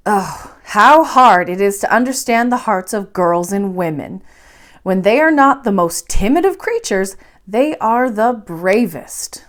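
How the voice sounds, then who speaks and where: A woman reading a bedtime story aloud, narrating in an expressive, measured way. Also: mid-range voice. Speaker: library storyteller.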